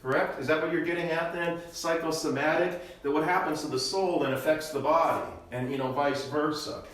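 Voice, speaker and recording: A man's voice: fairly high pitch, fairly even intonation, a little fast, a bit bright. An older man, a pastor leading a Bible study class, teaching with rhetorical questions and a habit of tagging sentences with "okay?". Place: church classroom. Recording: echoey church room, mic far off.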